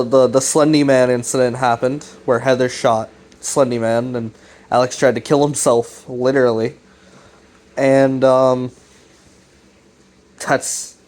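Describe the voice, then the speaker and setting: A man's voice: medium pitch, a little mellow. A man casually rambling through a recap of a web series, swearing often and sometimes acting out the lines he quotes.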